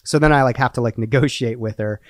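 A man's voice: medium pitch, quick pace, no echo. Joking man, dry close sound. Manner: joking, rambling with many fillers. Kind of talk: casual chat.

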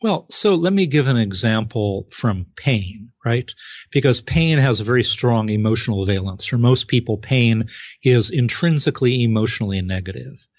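A man answering as a guest expert in an interview, explaining clearly and acting out short examples with exclamations. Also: medium pitch, moderate pace, no room sound. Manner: lively, acts out examples with exclamations.

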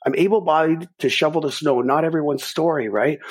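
A middle-aged man, a podcast guest, telling a personal story in a lively way and acting out his own thoughts. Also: fairly high pitch, brisk, hardly any pauses, breathy edge.

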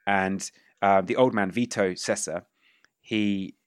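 A man's voice: on the low side, expressive, moderate pace, dry recording, studio quality. A man narrating as game master with loose, hesitant phrasing.

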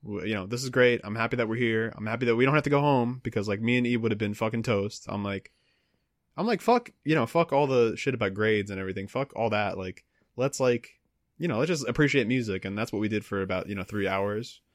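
A young man co-hosting a podcast, talking in an animated way, swearing often and acting out quotes. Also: on the low side, fast talker, no echo, clean studio sound. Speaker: podcast co-host. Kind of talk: casual chat.

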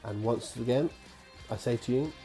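A man's voice: mid-range voice, moderate pace, dark tone, faint music behind. A man hosting a quiz from his own office, reading each question twice with chatty asides. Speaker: quiz host.

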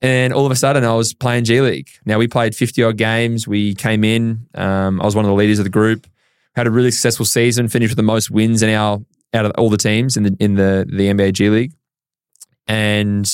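With a fairly low, clear, resonant voice, an Australian man speaks in studio quality with no echo. He is a pro basketball player and interview guest, telling his story and animatedly acting out its quoted lines.

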